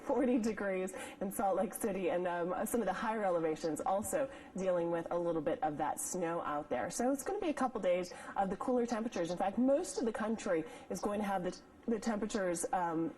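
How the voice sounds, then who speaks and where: A woman's voice: mid-range voice, rough recording. A woman meteorologist giving a live TV weather forecast, hiccuping and stumbling over words. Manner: steady forecast patter with small slips and restarts. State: has the hiccups.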